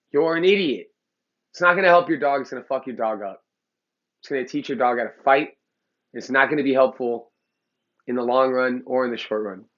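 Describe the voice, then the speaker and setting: Heated and swearing, a male dog trainer in Los Angeles delivers an opinionated rant to the camera. His pitch is medium, and the recording sounds muffled.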